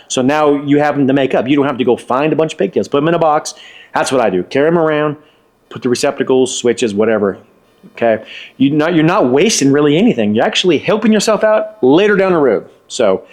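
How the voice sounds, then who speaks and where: A man's voice: medium pitch, darkish tone. Folksy man teaching electrical wiring. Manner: folksy, repeats himself for emphasis. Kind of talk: casual hands-on tutorial.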